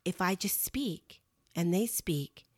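A woman's voice: fairly low pitch, expressive, takes it slowly, no echo, studio quality. A middle-aged woman, giving earnest, candid encouragement in a casual talk to listeners. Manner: earnest and candid, addresses listeners as "y'all" and "you guys". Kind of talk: casual heartfelt talk to camera.

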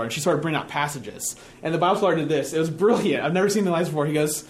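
A man's voice: on the high side, racing, few pauses. A man preaching a sermon in an earnest, conversational teaching manner, often restarting his phrases. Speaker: pastor. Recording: echoey room.

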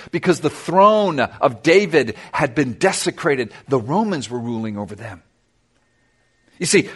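A pastor preaching an earnest sermon, retelling scripture dramatically and asking the church direct questions. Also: male voice, high voice, a bit bright, slightly rough.

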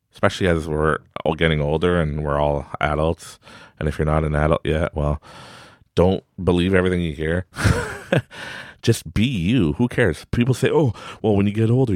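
A man's voice: deep voice, a little mellow, dry recording, studio quality. A man in his forties hosting a podcast, giving a rambling, upbeat motivational talk and laughing often. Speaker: podcast host.

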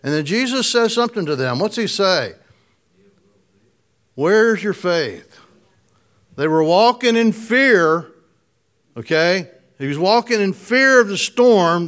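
A man's voice: high-pitched, fairly bright tone. A man preaching a casual, conversational sermon, chuckling often and putting questions to his listeners. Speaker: pastor.

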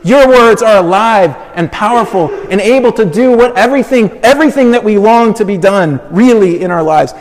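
Man, preacher, high voice, emphatic sermon, slow repeated phrases, long hall reverb. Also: expressive.

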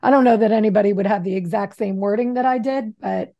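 Gravelly-voiced woman, giggly chat. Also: medium pitch, fast talker, mellow, dull audio. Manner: giggly, chatty. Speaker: podcast co-host. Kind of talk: casual chat.

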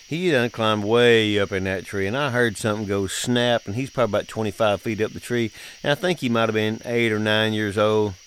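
A man's voice: fairly low pitch, fairly quick, few pauses, a bit bright. Man, middle-aged, folksy drawl, storytelling, faint background hiss. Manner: folksy, drawling, laughs often. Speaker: podcast host, father. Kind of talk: casual storytelling chat.

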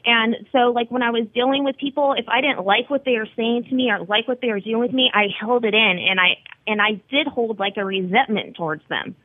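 A woman's voice: a little high, brisk, hardly any pauses, no room sound. Earnest woman on a tinny phone line. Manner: earnest, encouraging, speaks plainly. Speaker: guest, wellness site founder. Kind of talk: phone interview. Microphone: telephone.

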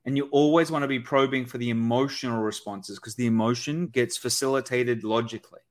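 A man appears as a sales expert guest on a conversational podcast, speaking briskly in a mid-range voice. Full of energy, he acts out dialogue from sales calls.

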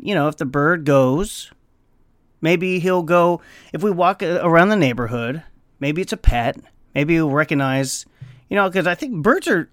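A man casually telling a story on his vlog. He swears freely and breaks into squeaky bird noises. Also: no echo, studio quality. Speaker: vlogger.

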